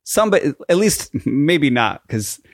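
A man co-hosts a casual podcast, rambling and self-deprecating, and breaks into laughter often. His pitch swings widely as he talks. The sound is dry and close. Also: sing-song, moderate pace, no room sound. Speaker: podcast co-host. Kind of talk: casual chat.

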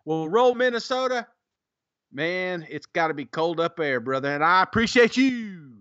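Lively, high-voiced podcast host. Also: male voice, normal speed, no echo, highs cut off. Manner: jokey, laughs often, reads reviews aloud. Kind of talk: casual podcast chat, reading listener reviews.

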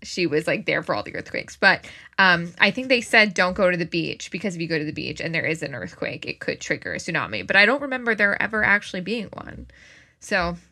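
Bright-voiced chatty woman co-host. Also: lowish voice, big pitch swings, fairly quick. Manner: chatty, filler-heavy, laughs. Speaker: podcast co-host. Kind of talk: casual chat.

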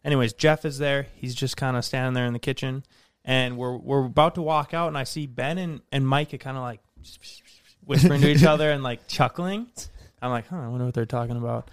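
A man's voice: medium pitch, fairly even intonation, a little fast, smooth, dry recording, studio quality. A man co-hosting a podcast, telling a story in a rambling, casual way full of "anyways" and "like". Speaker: podcast co-host.

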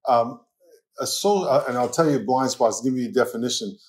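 An older man with a New York accent talks as a guest on a podcast, a pastor who tells stories with lots of life. He laughs easily and slips into little acted quotes. His pitch sits in an ordinary middle range for a man. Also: moderate pace. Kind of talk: conversational podcast interview.

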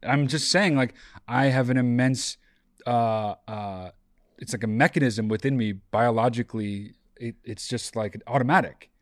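A man's voice: mid-range voice, moderate pace, dry recording, studio quality. A man co-hosting a podcast, ribbing his partner in a smug, playfully boastful way. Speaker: podcast co-host and advice giver. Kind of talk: casual podcast banter.

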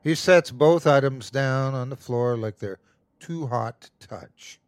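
Recorded close and dry without any room echo, a mid-pitched male host tells a first-person horror story. His delivery is slow and tense, never hurried.

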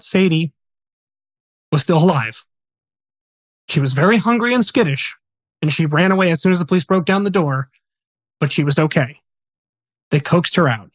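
Male podcast host, somber storytelling, slightly high voice, dry close mic. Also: no echo. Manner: earnest, somber retelling with quoted dialogue.

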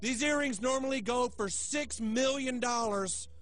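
A man playing a slick male TV shopping-channel salesman giving an exaggerated hard-sell pitch. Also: a little slow, fairly bright tone, soft background music.

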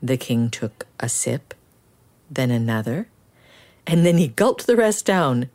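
Rich: A low-voiced woman tells a children's story aloud with animated pitch swings. Her delivery is expressive and engaging. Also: slow. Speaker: storyteller reading picture books.

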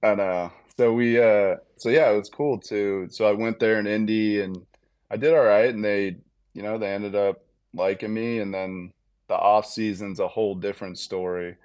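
A man's voice: fairly low pitch, moderate pace, no echo. Chatty man telling a story, dry sound. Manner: animated, acts out quotes with lots of fillers. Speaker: podcast guest, baseball player. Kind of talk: casual storytelling.

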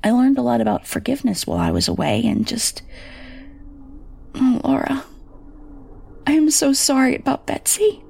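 A woman's voice: sits high, animated, moderate pace, vocal fry, pauses often, dark tone, slight background noise, voice pushed up, full character voice. A woman voicing a tearful, remorseful middle-aged mother who pleads and sobs. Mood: tearful pleading. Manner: pleading, sobbing.

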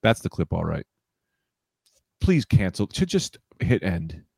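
A man's voice: deep voice, big pitch swings, a little slow, creaky, a little mellow, breathy edge, dry recording, clean studio sound. A man hosting a casual comedy podcast, riffing playfully and laughing often. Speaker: podcast host.

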